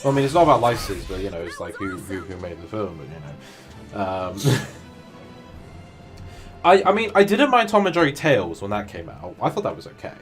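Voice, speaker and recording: A man's voice: fairly low pitch, very animated, fairly quick. A man hosting a game stream, chatting casually and rambling with fillers. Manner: rambling, with frequent fillers and laughter. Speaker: streamer host. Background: faint game music.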